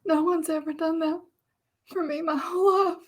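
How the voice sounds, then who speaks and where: A woman's voice: very high-pitched, fairly even intonation. A woman voicing a lonely, nervous married woman in a live play reading, talking in giggly, hesitant stops and starts. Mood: tearful. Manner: giggly, hesitant, halting restarts.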